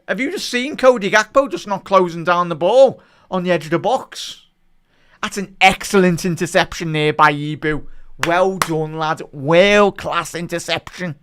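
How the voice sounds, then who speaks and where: A man with a fairly high, smooth voice calls a football match live for his online chat. He is an excitable fan who mutters through quiet spells, then erupts in outrage at refereeing calls. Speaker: watch-along match commentator. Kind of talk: live fan watch-along commentary.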